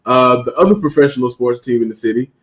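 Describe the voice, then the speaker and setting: A man's voice: mid-range voice, quick pace. A man hosting a sports podcast, steadily moving the talk from one segment to the next. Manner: steady, moves the segments along.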